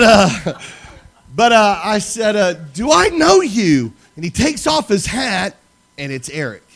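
A man preaching, telling a story animatedly and acting out the dialogue. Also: sits high. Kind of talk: sermon storytelling.

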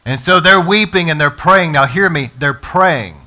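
Bright-voiced male preacher. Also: fairly high pitch, normal speed. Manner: energetic preaching, calls for congregation responses. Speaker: pastor. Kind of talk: sermon.

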